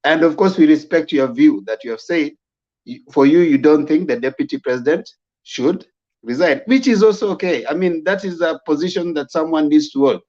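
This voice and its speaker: A man hosts a talk debate, patiently explaining how to argue a point. His voice sits a touch high. The sound is dull and lo-fi. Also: a little fast. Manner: calm, lecturing, conciliatory. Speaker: host. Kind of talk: moderating a debate.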